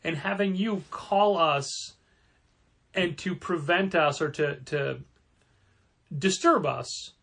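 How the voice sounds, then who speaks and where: A man co-hosting a casual podcast, speaking in a measured, deliberate way as he complains. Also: fairly high pitch, vocal fry, fairly bright tone. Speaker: podcast co-host, comic shop co-owner.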